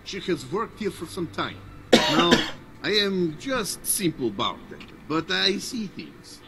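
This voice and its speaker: A man's voice: high-pitched, sing-song, takes it slowly, bright, forceful tone, slight background noise, exaggerated voice. An actor playing a scheming, friendly male bartender in a video game, with a Russian accent and clipped, conspiratorial broken English. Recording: game music behind.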